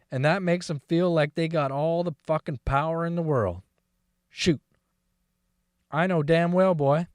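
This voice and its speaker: Gruff, stubborn old farmer, read by a man, cursing and rambling in a folksy storytelling monologue. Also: a little high, dry recording, clean studio sound. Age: older. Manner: folksy, rambling, heavy cursing, keeps saying "boy". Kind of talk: dramatic monologue reading.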